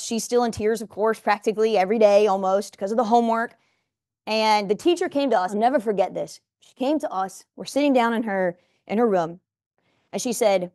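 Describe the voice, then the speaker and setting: A woman's voice: fairly high pitch, darkish tone, no echo. A woman in her forties gives a motivational talk in a studio, speaking emphatically and addressing viewers directly.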